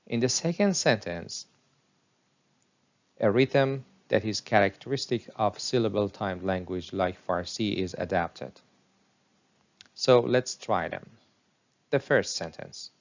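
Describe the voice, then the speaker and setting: A man narrating a scripted English pronunciation lesson, reading example sentences slowly and deliberately. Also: fairly low pitch, lo-fi sound.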